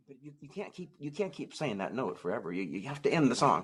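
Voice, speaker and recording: Husky-voiced male ventriloquist. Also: medium pitch, very animated, quick pace, a bit bright. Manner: patient, explains to children. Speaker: musical ventriloquist. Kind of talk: ventriloquist show patter.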